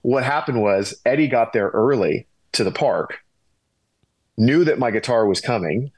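A middle-aged man, a former pro ballplayer, telling a long anecdote as a guest, animated and rambling with restarts. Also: mid-range voice, a little slow, breathy edge, no room sound, rough recording.

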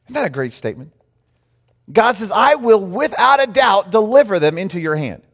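A man preaching a sermon, telling a story with lively acted-out quotes. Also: sits high, moderate pace, in a large hall. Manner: animated storytelling, acts out quotes. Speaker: pastor.

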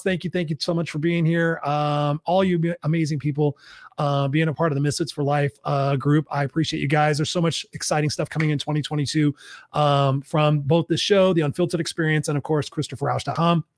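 Effusive male host, slightly hoarse. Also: fairly high pitch, fairly even intonation, a little fast, no echo, clean studio sound. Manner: upbeat, effusive, reads out viewer comments. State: losing his voice. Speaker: show host and coach. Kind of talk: live-stream show wrap-up.

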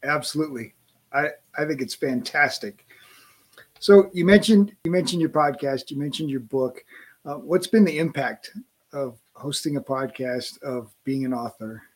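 A man's voice: mid-range voice, moderate pace, slightly rough. A man hosting a podcast, asking his guest questions in an upbeat way. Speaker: podcast host. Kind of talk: interview.

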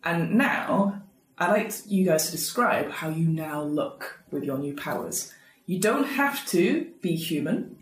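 A woman's voice: deep voice, sing-song, measured pace. A woman narrating a tabletop game as game master, describing scenes with many hedging "sort of"s. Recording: echoey room, faint noise.

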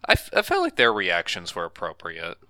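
Man, co-host, casual movie chat, rambling, lowish pitch, dry close sound. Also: brisk, no room sound. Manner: rambling, animated, frequent restarts. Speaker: podcast co-host.

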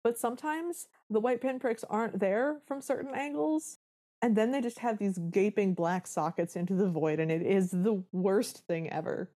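A woman's voice: medium pitch, moderate pace, mellow. A woman co-hosting a podcast, recapping a film in casual chat with wry, dramatic storytelling. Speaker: podcast co-host.

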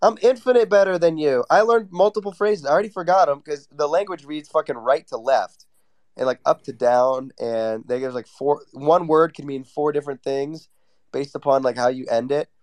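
A man's voice: fairly high pitch, a little mellow, no echo. A young man ranting brashly in casual chat, full of swearing. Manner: brash, profane, quick ranting.

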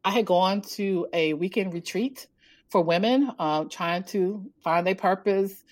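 A woman guest in a casual interview, animated, telling her story and laughing often. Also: measured pace. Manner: animated, laughs often, acts out quotes in a higher voice. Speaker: podcast guest, author and coach.

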